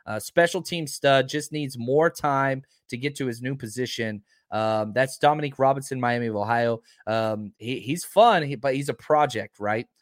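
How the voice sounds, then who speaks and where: A man's voice: medium pitch, moderate pace, few pauses, no room sound, studio quality. A man hosting a live show, chatting casually and emphatically while reading out viewer comments. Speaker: podcast host. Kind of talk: casual live-stream chat.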